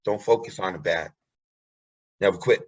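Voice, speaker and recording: A man's voice: low-pitched, moderate pace, darkish tone, husky, dry recording, lo-fi sound. A man talking as a guest in a casual interview, earnest and encouraging, repeating his key phrases.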